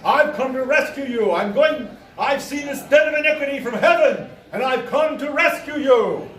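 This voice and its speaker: Man doing a grandiose stranger claiming to be an archangel, slow and booming, high-pitched, roomy and distant. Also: a bit bright. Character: wild-eyed stranger proclaiming himself an archangel. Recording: roomy live sound from far off.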